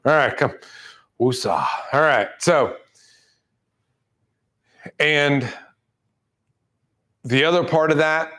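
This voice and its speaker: A man giving a motivational sales talk to a room, blunt and fired up, acting out people's excuses in quick asides. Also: mid-range voice, a bit bright. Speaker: roofing sales trainer. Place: room with an audience.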